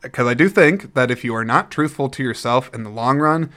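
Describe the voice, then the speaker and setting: A man hosting a casual solo movie-review podcast, rambling and chatty, with frequent throat clearing and restarts. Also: medium pitch, fairly quick, fairly bright tone. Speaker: podcast host.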